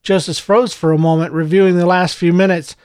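Higher-voiced male audiobook narrator. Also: fairly even intonation, fairly quick, darkish tone, clean tone, no echo, studio quality.

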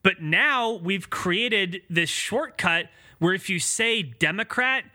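A young man co-hosting a casual podcast, animated and quick with laughing asides. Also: high-pitched. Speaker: podcast co-host.

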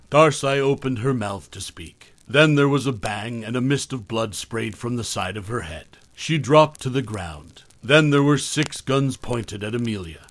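A man reading a horror story aloud in a measured, even storytelling voice. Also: medium pitch, no echo. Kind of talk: scripted narration.

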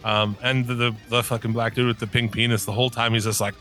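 A man's voice: mid-range voice, little pitch movement, fast, bright, forceful tone, soft background music. A middle-aged man in casual, crude conversation, rambling through stories with lots of swearing and laughing.

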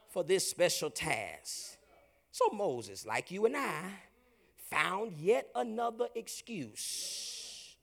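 High, gravelly preaching man. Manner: call-and-response preaching, rising to shouts. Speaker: pastor. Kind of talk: sermon. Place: church with congregation.

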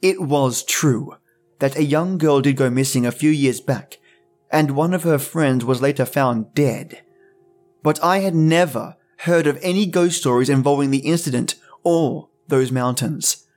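A man hosting a podcast, narrating horror stories in a measured, dramatic reading. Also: medium pitch. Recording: soft music bed.

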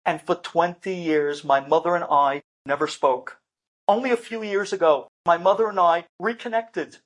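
A man voicing a bitter, estranged middle-aged daughter speaking in a low, cutting tone. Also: steady tone, moderate pace, fairly bright tone.

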